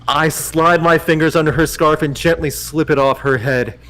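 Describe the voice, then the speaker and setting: A man reads aloud with mock-dramatic flair on a livestream, teasing his host between passages. His voice sits a little high and he bursts into loud urging. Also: fairly even intonation, moderate pace, low-quality recording. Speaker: guest reader.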